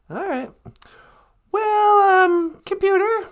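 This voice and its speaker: A woman's voice: very high-pitched, animated, takes it slowly, creaky. A woman co-hosting a casual, playful podcast, goofing around and making beeping computer noises. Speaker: podcast co-host.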